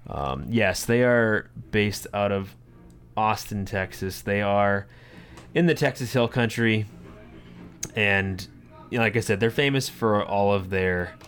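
A man's voice: fairly low pitch, slow, fairly bright tone. A man co-hosting a podcast, talking casually and enthusiastically with lots of fillers. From Florida. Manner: rambling, enthusiastic, many fillers. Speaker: podcast co-host. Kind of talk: casual chat.

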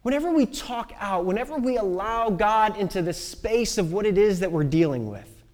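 Woman preaching a testimony sermon, pitch all over the place, big hall echo trailing off. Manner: expressive storytelling with pauses and sudden soft drops. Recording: long reverb of a large hall.

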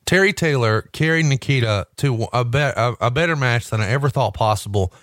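A man co-hosting a podcast in casual chat, blunt and profane, with animated banter. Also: medium pitch, fairly quick, no echo, studio quality. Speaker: podcast co-host.

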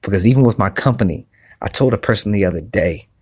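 A man hosting a podcast, giving earnest, repetitive motivational talk in a soft voice, recorded on his phone outside on a patio. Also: lowish voice, animated, fast, slightly rough, no echo, studio quality. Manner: earnest, repetitive, restarts often; speaking softly. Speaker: podcast host. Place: outdoor patio by a pool at night.

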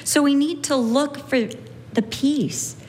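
A woman's voice: high-pitched, takes it slowly, darkish tone, slight background noise. A woman giving an earnest Bible teaching, repeating key phrases for emphasis and acting out quoted lines.

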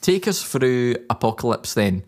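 A man hosts a casual radio chat with a playful, teasing manner. His voice sits at an ordinary male pitch, and he keeps the tone loose and informal. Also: very animated, unhurried. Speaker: radio host.

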